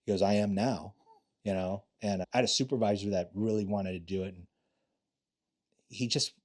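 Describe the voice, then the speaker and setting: A man's voice: fairly low pitch, fairly even intonation, normal speed, darkish tone. Blunt, profane older-sounding man. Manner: blunt and profane, acts out quotes in his stories. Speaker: retired police officer, podcast guest. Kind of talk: casual interview storytelling.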